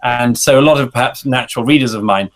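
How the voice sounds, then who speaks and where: A British man in his forties, a guest author giving a thoughtful interview answer, speaking in a measured, hesitant way with many fillers and restarts, over a video call. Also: mid-range voice. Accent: British English. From Britain. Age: 40s.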